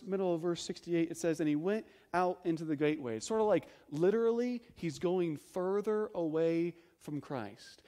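A pastor delivering a sermon with a high, bright-pitched voice. He preaches emphatically and keeps asking rhetorical questions. He drops into hushed low phrases between loud stresses.

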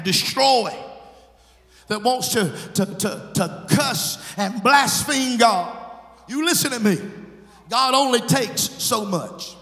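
A man preaching as an evangelist, with a fervent, sing-song chanted cadence that rises into shouts, recorded in a large church sanctuary. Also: extremely high pitch. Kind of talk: Pentecostal-style preaching. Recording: echoey church hall with long reverb.

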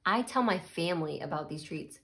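A woman's voice: lowish voice, animated, brisk, gravelly, a bit bright. A woman chatting casually while tasting snacks, murmuring and laughing as she eats. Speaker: snack reviewer.

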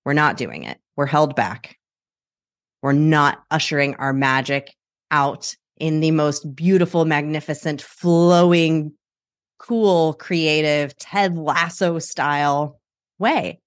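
Woman, podcast host, low voice, chatty, animated, laughs often. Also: slow, no echo, studio quality. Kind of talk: casual solo podcast talk.

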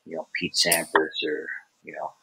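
A man co-hosting a podcast, chatting in a relaxed way with short replies. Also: a bass voice, normal speed, gravelly, rough recording. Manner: relaxed, brief backchannel replies. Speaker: podcast co-host. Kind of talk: casual chat.

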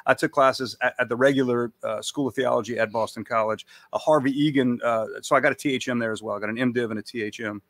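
A man's voice: mid-range voice, fairly even intonation, fast talker, few pauses, fairly bright tone, no room sound. A man from Louisiana, a priest, chatting casually as a guest with frequent restarts and repeated words. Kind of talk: casual conversation.

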